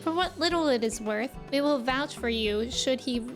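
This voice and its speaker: A woman's voice: sits high, normal speed, music in the background. A woman reading as a courteous young noble envoy.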